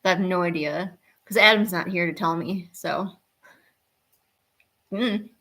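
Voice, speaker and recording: This woman has a fairly low, sharp-toned voice and keeps a measured pace. Drawing at home on a live stream, she chats casually with her viewers, her chat, and her cats.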